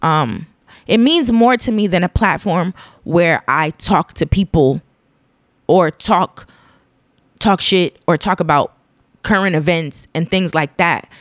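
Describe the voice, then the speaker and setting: A woman's voice: fairly low pitch, takes it slowly, no room sound, studio quality. A woman in her thirties hosting her own podcast from home, rambling earnestly and getting emotional to the point of tears. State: tearful. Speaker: podcast host. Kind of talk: casual solo podcast monologue.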